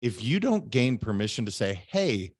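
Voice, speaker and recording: Male podcast host, mid-pitched, earnest and thinking aloud, dry close sound. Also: expressive, a little slow, dry recording. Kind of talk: conversational interview.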